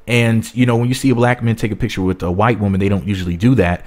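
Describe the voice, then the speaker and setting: A man's voice: lowish voice, fairly even intonation, quick pace, darkish tone. Blunt rambling man. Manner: rambling, blunt, frequent restarts. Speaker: YouTube commentator. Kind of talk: casual commentary vlog.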